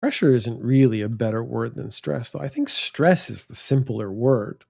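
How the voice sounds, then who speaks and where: A male English teacher talking through a vocabulary lesson at an unhurried pace. He draws words out slowly and leans on the important ones, with a voice of ordinary pitch. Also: vocal fry, a little mellow, slightly rough. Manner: slow and deliberate, stretches words out and stresses key words. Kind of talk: vocabulary lesson, thinking aloud.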